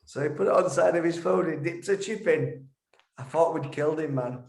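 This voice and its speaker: Yorkshire bloke telling a story, bit higher voice, lots of stumbles, echoey room. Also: male voice, brisk, creaky. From Yorkshire, England. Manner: animated, rambling, stumbles and repeats words. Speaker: musician guest. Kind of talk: casual storytelling.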